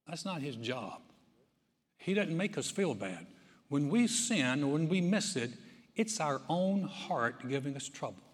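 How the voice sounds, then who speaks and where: Pastor, male, conversational sermon voice, slightly high, long church-hall reverb. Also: big pitch swings, unhurried. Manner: conversational storytelling with many restarts. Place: church sanctuary.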